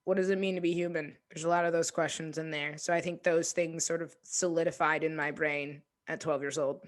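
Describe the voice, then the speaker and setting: A woman in her twenties, an interview guest, talking reflectively and hesitantly with many pauses and restarts. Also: deep voice, flat delivery. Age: 20s. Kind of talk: reflective casual conversation.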